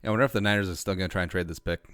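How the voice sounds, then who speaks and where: A laid-back man hosts a casual livestream, reading shout-outs with wry little jokes. His voice sits fairly low and sounds smooth and clear. The recording is dry and close, with no room around it. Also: fairly even intonation, racing, no echo. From Minnesota. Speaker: podcast host.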